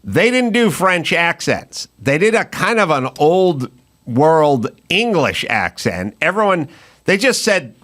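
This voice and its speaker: A man's voice: a little high, sing-song, takes it slowly, a bit bright. Man hosting a casual podcast chat. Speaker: podcast host.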